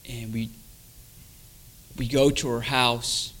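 A man giving an emotional personal testimony, repeating phrases and moving from hushed to loud. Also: medium pitch, level tone, takes it slowly. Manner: emotional, repetitive storytelling that swells from hushed to loud.

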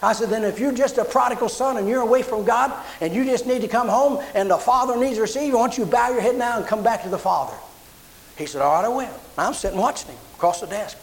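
A man's voice: very high-pitched, fast talker, vocal fry, low-quality recording. A man preaching a sermon, telling personal stories and acting out the voices in them. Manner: animated storyteller acting out quotes. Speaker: pastor.

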